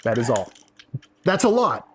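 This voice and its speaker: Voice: medium pitch, very animated, a little slow, fairly bright tone, a little hiss or hum. A co-host in a casual chat, unboxing fan mail, joking playfully and trying silly phrases. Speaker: podcast co-host.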